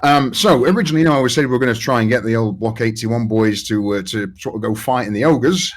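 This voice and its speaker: A man's voice: mid-range voice, quick pace. Rambling, swearing man at a game table. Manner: rambling, swears often, lots of fillers. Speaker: player. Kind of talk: casual tabletop play chat.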